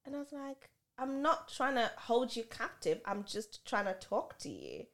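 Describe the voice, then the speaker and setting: A woman co-hosting a casual podcast, telling a story with animated delivery and acting out both sides of an argument. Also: a little high, normal speed, few pauses. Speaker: podcast co-host.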